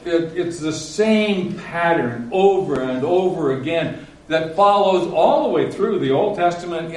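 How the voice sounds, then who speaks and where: A man's voice: on the high side, echoey room, far from the mic, rough recording. A man preaching a sermon as pastor, telling folksy stories with many ums and uhs. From Nebraska.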